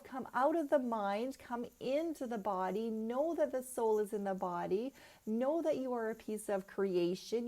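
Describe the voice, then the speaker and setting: A middle-aged woman giving a spiritual oracle card reading at an unhurried, deliberate pace. Her voice sits fairly high, and she leans into her words with earnest emphasis, often asking rhetorical questions. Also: darkish tone.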